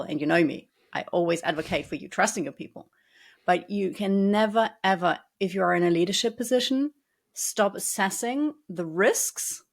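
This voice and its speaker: A woman's voice: lowish voice, creaky. A woman co-hosting a podcast, explaining organizational culture at length with dry sarcastic asides. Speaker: podcast co-host. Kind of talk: conversational podcast talk.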